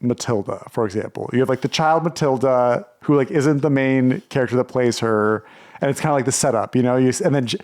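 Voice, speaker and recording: A man's voice: medium pitch, a little fast, darkish tone. A man co-hosting a casual podcast chat, rambling and full of "like" and restarts. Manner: rambling, heavy use of "like", frequent restarts. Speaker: podcast co-host.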